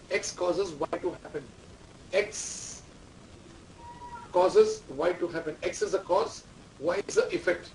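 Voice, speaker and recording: A man giving a classroom lecture, repeating key terms and quizzing students. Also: sits high. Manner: repetitive, quizzing the class, dictating instructions. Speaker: management lecturer. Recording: distant mic, faint room noise.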